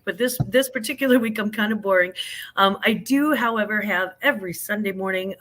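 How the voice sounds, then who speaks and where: A woman's voice: mid-range voice, a bit bright. A woman guest on a live stream, slightly stuffed up, chatting in a folksy, talkative way with homespun sayings. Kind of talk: casual chat.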